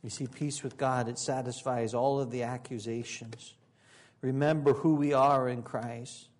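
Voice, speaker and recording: A man's voice: mid-range voice, fairly even intonation, unhurried. A man preaching a sermon as pastor, earnest and emphatic, with occasional joking asides.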